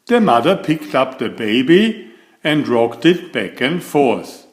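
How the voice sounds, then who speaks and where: Slow, expressive male storybook reader. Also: mid-range voice. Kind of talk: read-aloud picture book narration.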